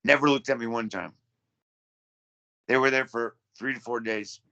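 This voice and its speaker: Gravelly blunt-talking man. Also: mid-range voice, steady tone, moderate pace, sharp tone, dull audio. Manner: profane, blunt storytelling. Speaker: podcast guest. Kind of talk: casual interview.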